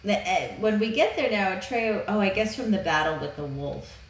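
A woman's voice: mid-range voice, lively intonation, normal speed. Woman podcast co-host, casual movie recap, chatty, says "like" a lot, echoey room, faint background noise. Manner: chatty, leans on "like", acts out scenes.

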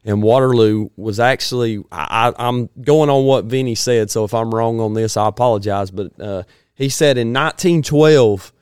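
A man talks through a casual chat in a rambling, folksy way, pausing often to clear his throat. His voice sits low and sounds smooth and resonant. The recording is dry and close. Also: darkish tone, dry recording.

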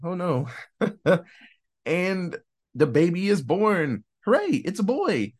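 Animated man recapping a movie. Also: high voice, slightly rough. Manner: animated storyteller, acts out characters' lines in quick voices; swears freely. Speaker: podcast host reviewing a film. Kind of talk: casual plot recap.

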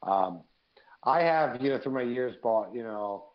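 A man co-hosting a live podcast, telling profane, animated stories in casual chat. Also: medium pitch, a little slow, lo-fi sound. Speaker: podcast co-host.

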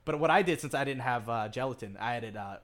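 A young man chatting loosely on a podcast with a voice of middling pitch. He rambles, curses freely and breaks into laughter when he gets worked up over a story. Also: animated, fast, fairly bright tone. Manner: rambling, swears a lot, laughs often, gets worked up telling stories. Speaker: podcast co-host. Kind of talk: casual chat.

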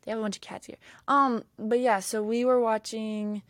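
A woman's voice: a little high, moderate pace, no echo, studio quality. A young woman hosting a podcast, telling a story in casual chat and acting out what people said. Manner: excitable storyteller who acts out quotes. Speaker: podcast host. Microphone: camera mic.

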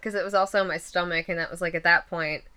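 Woman, twenties, casual interviewee; bright, slightly low voice, rambling with plenty of fillers. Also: fairly even intonation, fast talker. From western Pennsylvania. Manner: rambling, laughs often, many fillers. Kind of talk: casual chat.

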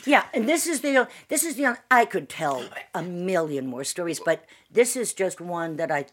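A woman's voice: on the low side, very animated, moderate pace. A woman in her sixties, co-hosting a casual tea chat with her son, telling long stories with many restarts and recaps. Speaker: podcast co-host.

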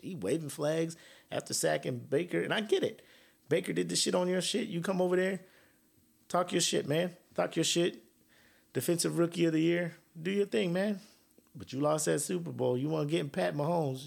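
Gravelly dude on a solo podcast, trash-talking and laughing a lot. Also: male voice, fairly high pitch, darkish tone. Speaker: podcast host. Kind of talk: casual solo podcast rant.

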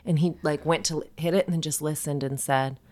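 A woman co-hosting a podcast in casual chat, chatty and quick to laugh. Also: low voice, fairly even intonation, darkish tone. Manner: chatty, laughs often, breaks into sing-song bits. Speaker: podcast co-host.

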